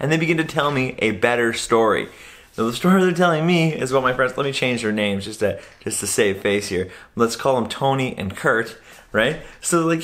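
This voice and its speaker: A young man telling a rambling personal story to camera, acting out what he and his friends said in raised voices. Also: fairly quick. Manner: animated, acts out quoted voices loudly and higher. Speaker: comedian and magician telling a story.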